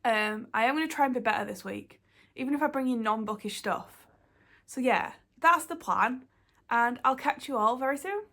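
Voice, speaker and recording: Girl chatting about her week for her book channel, voice on the higher side, rambles a bit. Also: brisk, fairly bright tone. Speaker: book vlogger. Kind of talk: casual vlog chat.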